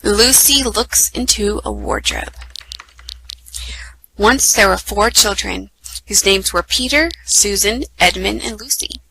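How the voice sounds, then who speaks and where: A woman reads a children's book aloud to her listeners with a bright, clear voice. She keeps it lively and now and then stumbles over a name and corrects herself. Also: mid-range voice, slow pace, slight background noise, low-quality recording. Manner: lively, with small slips and self-corrections. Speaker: storytime reader.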